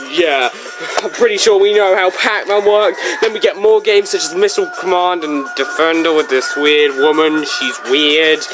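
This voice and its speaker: Slow, rambling, jokey book reviewer. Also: fairly bright tone. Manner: rambling, jokey, with big swings in pitch. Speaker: video game book reviewer. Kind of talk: casual review video.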